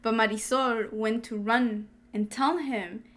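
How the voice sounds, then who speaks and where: A woman's voice: on the high side, slow pace. A young woman co-hosting a podcast, telling a personal story in casual chat and acting out what people said. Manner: animated, laughs often, acts out quotes. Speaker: podcast co-host.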